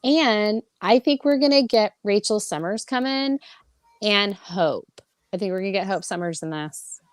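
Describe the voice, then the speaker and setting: A woman co-hosting a casual pop-culture podcast, excitable and quick to laugh. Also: mid-range voice, no echo, clean studio sound. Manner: excitable, laughs often, animated. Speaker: podcast co-host.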